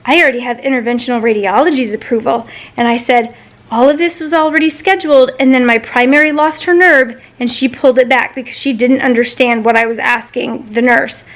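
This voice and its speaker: A woman's voice: on the high side, steady tone, a little fast. A woman in her thirties venting in a personal vlog, retelling a frustrating phone call with exasperation and swearing. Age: 30s. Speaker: vlogger.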